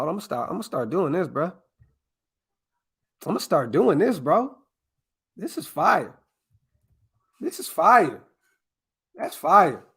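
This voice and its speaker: Male podcast host, slightly high voice, excitable and profane, casual live-stream chat with viewers. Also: breathy edge. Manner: excitable, profane, talks straight to his chat. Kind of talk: casual live-stream mock draft commentary.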